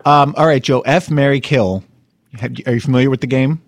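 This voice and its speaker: An excitable male podcast host who quizzes his guest with cheeky questions and swears freely. His voice is mid-pitched. The sound is dry and close, with no room echo. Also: brisk. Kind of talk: casual interview chat.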